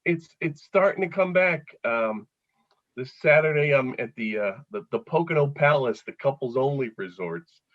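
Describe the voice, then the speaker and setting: A man's voice: mid-range voice, lively intonation, moderate pace, no echo. A middle-aged man with a Philadelphia accent, a comedian chatting as a guest and telling jokey stories that he laughs at himself. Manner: joke-telling storyteller, laughs at his own lines. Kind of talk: casual chat. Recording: dull lo-fi sound.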